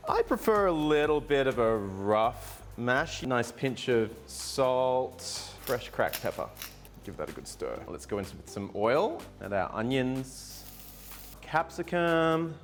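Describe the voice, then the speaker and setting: A man walks through a taco recipe in a playful, chatty way. He jokes as he cooks, with light music under his voice. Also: medium pitch. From Australia. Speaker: chef cooking on camera. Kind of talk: casual cooking demo.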